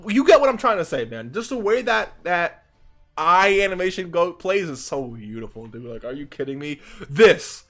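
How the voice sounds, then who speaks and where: Young man, gaming reaction commentary, excitable, stumbling restarts, faint music behind. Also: high voice, normal speed. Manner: gushing, restarts often, says dude and bro. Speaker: gaming YouTuber.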